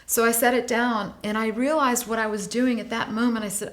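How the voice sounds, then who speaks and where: A woman in her late forties, a guest in an interview, tells a personal story with animated delivery. Her voice swings up and down as the tale goes along. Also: medium pitch, fairly quick, hardly any pauses, a little hiss or hum. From United States. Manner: animated, vivid storyteller, voice rising and falling with the tale. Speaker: guest, animal welfare advocate.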